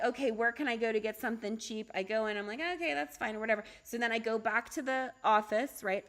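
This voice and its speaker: A middle-aged woman, a holistic doctor, talking casually on a livestream, chatty and animated, often asking "right?" and laughing. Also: fairly high pitch. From United States. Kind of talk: casual livestream talk with storytelling.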